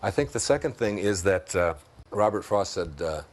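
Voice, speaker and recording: A man's voice: sits low, expressive. Man with a Detroit accent, musing. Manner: storytelling, chuckles often, slows down for key ideas. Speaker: interview guest. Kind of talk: reflective spiritual conversation.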